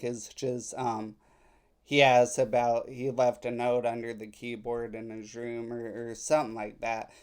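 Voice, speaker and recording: A man hosting a casual political commentary, reading messages aloud and mocking them sarcastically, with halting restarts. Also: medium pitch, clean tone.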